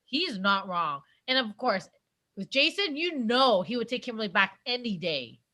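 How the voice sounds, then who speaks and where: A woman's voice: on the high side, big pitch swings, moderate pace, pushed and bright. A woman co-hosting a podcast, adding agreeable comments during a movie review. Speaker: podcast co-host. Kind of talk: casual movie review chat.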